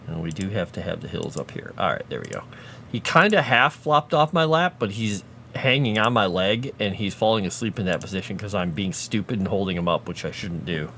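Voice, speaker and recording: Lively low-voiced man chatting while working. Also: creaky, a little hiss or hum. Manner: chatty, muttering to himself and cooing at his pet. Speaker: fantasy map maker. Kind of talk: casual livestream chat while working.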